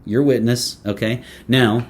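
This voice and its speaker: A man's voice: medium pitch, steady tone, a little slow. A man reviewing a fragrance in casual talk to camera, playful and chatty, with many fillers, restarts and joking asides.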